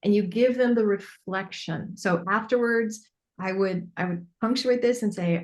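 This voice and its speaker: A woman, a business mentor coaching a group on a call, earnest and animated, acting out bits of dialogue. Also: medium pitch, moderate pace.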